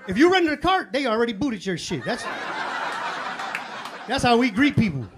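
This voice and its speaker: A man doing live stand-up comedy in a club, telling stories in a profane, excitable way. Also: extremely high pitch, moderate pace. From Chicago. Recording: live club with audience laughter. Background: crowd laughter and room noise.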